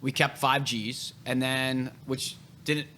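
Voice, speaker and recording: A man's voice: mid-range voice, level tone, slow, pushed and bright, slight background noise. A man hosting a casual podcast chat, telling real estate stories in a blunt, profane way.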